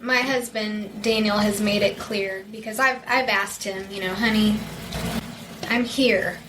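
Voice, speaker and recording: A woman on a podcast who is married to a firefighter. She speaks in a gentle, measured way. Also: medium pitch, fairly even intonation, noisy background. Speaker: firefighter's wife, podcast guest. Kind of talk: casual podcast conversation.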